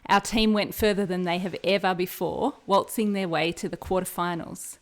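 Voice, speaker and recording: A woman's voice: on the low side, steady tone, moderate pace. A middle-aged woman with an Australian accent, chatting casually and laughing often as a guest quizmaster on a trivia podcast. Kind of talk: casual podcast chat and quiz hosting.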